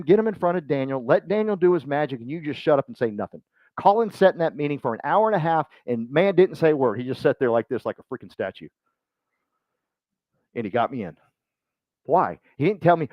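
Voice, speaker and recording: A man with a drawl talks to a room in a loose, joking way, wandering off track and poking fun at himself as he plays the people he quotes. His voice sits fairly high for a man. The sound is dry and a little dull, like a lo-fi recording. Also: big pitch swings, fast, no room sound. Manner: rambling, self-mocking, acts out quoted voices. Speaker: speaker at a business meeting.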